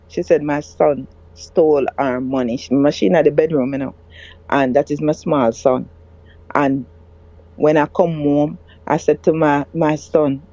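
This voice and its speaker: A woman recounting a personal story as a guest, halting and often restarting her words. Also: fairly low pitch, warm tone, dry recording. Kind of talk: emotional personal account. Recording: dull lo-fi dry sound.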